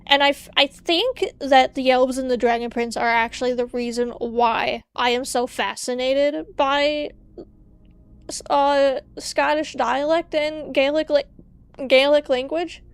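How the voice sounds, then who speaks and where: A woman's voice: sits high, steady tone, a little slow. A woman VTuber streamer chatting casually on a livestream, ranting playfully with strong opinions.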